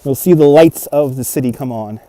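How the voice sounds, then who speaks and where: A livestream host walks through a snowy park, chatting and answering viewer comments while holding a phone on a handheld gimbal. His voice is medium-pitched, dark and fairly quick, with no echo.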